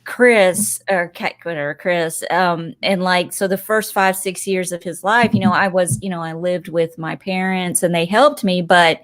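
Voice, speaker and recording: Slow-talking tearful woman. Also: on the low side, steady tone. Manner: emotional, rambling storytelling. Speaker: podcast guest. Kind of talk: casual chat. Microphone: desk microphone.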